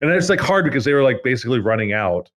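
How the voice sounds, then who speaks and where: A man's voice: medium pitch, big pitch swings, rapid-fire, a bit bright. A young man from Canada co-hosting a podcast in casual chat, rambling with lots of fillers and frequent laughs. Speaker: podcast co-host.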